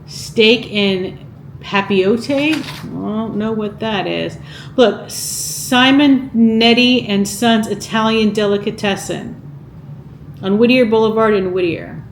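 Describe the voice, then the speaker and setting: Paging slowly through an old cookbook, this vlogger talks in a relaxed, chatty way, wondering aloud and putting questions to her audience. Her voice is mid-pitched, slow-paced, and slightly echoey, with a light hiss underneath.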